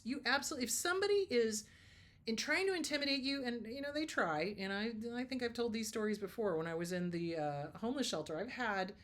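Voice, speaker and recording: Emphatic woman therapist giving blunt advice. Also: medium pitch. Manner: emphatic, lively storytelling with laughs and mock quotes. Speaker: therapist hosting a Q&A show. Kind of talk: casual advice talk.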